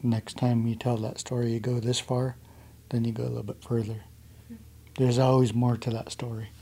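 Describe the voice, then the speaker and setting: A calm, laid-back young man from the United States, telling a traditional story to a gathering. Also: medium pitch, moderate pace, vocal fry, breathy edge.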